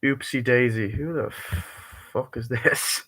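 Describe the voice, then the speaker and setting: A man rambling through a casual live-stream movie review, swearing constantly and breaking into quick bits of acted-out dialogue. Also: mid-range voice, fairly bright tone, slightly rough. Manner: acts out dialogue in quick bursts.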